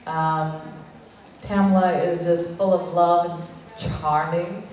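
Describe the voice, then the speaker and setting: A woman actress answering fan questions on a convention panel, giggly, loud and playful. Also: on the low side, steady tone, slow pace. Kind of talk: casual panel Q&A. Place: convention hall stage. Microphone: handheld mic recorded by far audience camera. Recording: echoey hall recorded from far off.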